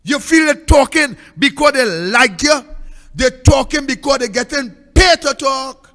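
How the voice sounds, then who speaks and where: A high, bright-voiced man with a Trinidadian accent pleads over and over in a slow, sing-song preaching cadence. His political commentary echoes with a long, hall-like reverb. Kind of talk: impassioned political plea.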